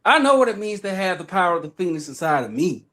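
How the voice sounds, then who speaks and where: A man's voice: high-pitched, big pitch swings, fast, a bit bright. A man from Atlanta with an Atlanta Southern accent, ranting emphatically and profanely on a livestream, often repeating himself. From Atlanta, Georgia. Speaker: livestream guest. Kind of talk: heated livestream rant.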